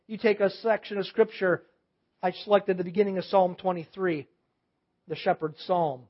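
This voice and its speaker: A male pastor preaching a sermon in a reflective way, slowing down and dropping to a hush when he reads scripture aloud. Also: high-pitched. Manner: reflective, slows and drops to a hush for quiet reading. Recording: dull lo-fi sermon audio.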